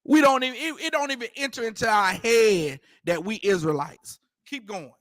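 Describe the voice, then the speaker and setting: A man's voice: high voice, normal speed, fairly bright tone, no echo, studio quality. A man teaching a scripture class in an emphatic, repetitive way, using street slang and firing rhetorical questions. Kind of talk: preaching scripture commentary.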